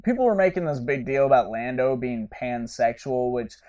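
A man talks through a film's plot on his podcast in loose, rambling casual chat, swearing freely and jumping between scenes. His pitch sits mid-range for a man. He sounds a little back from the microphone. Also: normal speed, distant mic. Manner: rambling, profane, animated retelling. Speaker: podcast host. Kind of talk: casual movie review recap.

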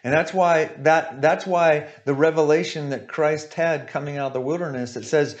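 A male preacher with a fairly high voice delivers an emphatic sermon. He hammers his points through repetition and keeps checking in with "right?" and "okay?". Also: normal speed, few pauses, muffled recording. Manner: emphatic, repeats points, asks "right?" often.

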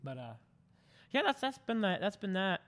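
A young man telling stories on a casual podcast, swearing a lot and animated. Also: high-pitched, moderate pace. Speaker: podcast co-host.

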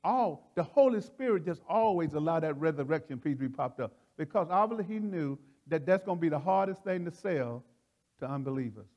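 A man preaching in a folksy, excitable way, often laughing and repeating phrases as he teaches. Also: on the high side, highs cut off. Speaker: preacher leading a Bible study. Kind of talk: animated sermon teaching.

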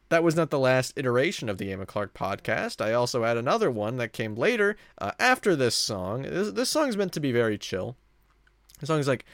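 A man's voice: medium pitch, clear, resonant tone, no echo, clean studio sound. A man hosting his own podcast, talking alone in a rambling way with many fillers and self-corrections. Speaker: podcast host. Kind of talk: casual solo monologue.

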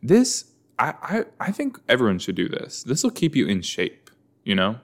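A man's voice: mid-range voice, wildly swooping pitch, moderate pace. A man chatting casually and joking as he reacts to a show, with many fillers. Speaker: reaction video host.

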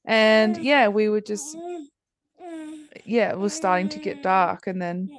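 A woman's voice: mid-range voice, slow, crowd noise. A woman, telling her story as a podcast guest in a candid, chatty way, swearing freely and often restarting her sentences. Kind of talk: casual conversation.

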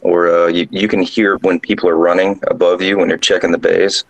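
A drill sergeant guest casually telling a ghost story, rambling along with lots of fillers. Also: male voice, low voice, level tone, a little fast, gravelly, poor audio.

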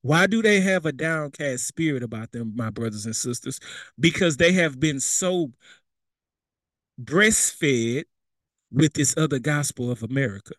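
A man's voice: mid-range voice, lively intonation, unhurried, fairly bright tone, no echo. A young man preaching a sermon, talking plainly and conversationally, slipping into casual street phrasing and acting out what people say. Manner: conversational preaching with vernacular asides and quoted voices.

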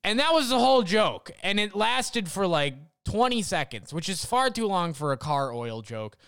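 A man's voice: high-pitched, big pitch swings, moderate pace, a bit bright, clean tone, dry recording, studio quality. A young man ranting casually and sarcastically as a podcast host, rambling and swearing. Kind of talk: casual rant.

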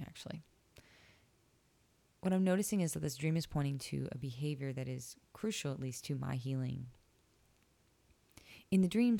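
A woman's voice: sits low, creaky, warm tone, no room sound. A young woman hosting a podcast, candidly retelling a dream and reflecting on it in a casual, personal way. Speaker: podcast host. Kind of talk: casual solo podcast talk.

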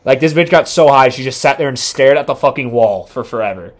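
A young man in casual podcast chat, boastful and crude, his voice jumping up when he gets excited. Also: medium pitch, a little fast. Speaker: podcast co-host.

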